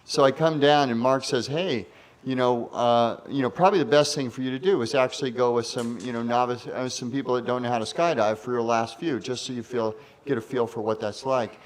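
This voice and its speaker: A man's voice: mid-range voice, steady tone, brisk. A man in his fifties, an interview guest, telling a rambling anecdote. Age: 50s. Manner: rambling, many fillers and restarts.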